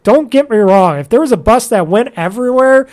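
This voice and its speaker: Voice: medium pitch, animated, darkish tone. A speaker ranting in casual chat, cursing often, laughing, and acting out what others said. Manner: ranting, profane, quick to laugh, acts out what people said.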